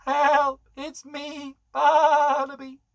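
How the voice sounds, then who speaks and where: A man's voice: very high voice, lively intonation, normal speed, bright, forceful tone, breathy edge, lo-fi sound, pitched above the performer's own voice, heavily acted. A man voicing a silly, worried little male sheep in a children's story, in a fretful sing-song way. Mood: calling out.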